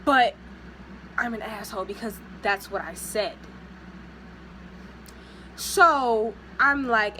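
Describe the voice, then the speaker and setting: A young woman vlogger telling a casual story, animated and sassy, mimicking the people she talks about. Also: sits high, slow, noisy background.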